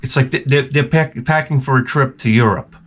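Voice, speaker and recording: A man's voice: medium pitch, brisk, a bit bright, slight background noise. A man hosting his own video, telling work stories in a wry, rambling way with crude asides. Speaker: video host. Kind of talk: casual rambling monologue.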